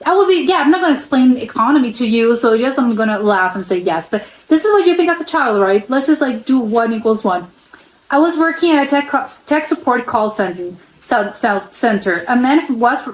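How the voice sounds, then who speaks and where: A woman's voice: on the high side, echoey room, low-quality recording. A woman from the United States hosting a reaction video, reading posts aloud and adding chatty, laughing asides.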